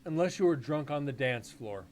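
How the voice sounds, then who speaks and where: A man's voice: medium pitch, expressive, moderate pace, darkish tone, slight background noise. Rambling, profane man telling stories. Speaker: paranormal stream host. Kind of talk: casual live-stream chat.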